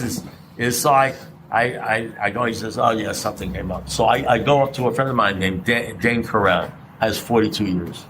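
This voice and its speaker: Middle-aged man, low-pitched, blunt and conversational, rhetorical questions, recovery meeting share, faint background noise. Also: a bit bright, rough recording.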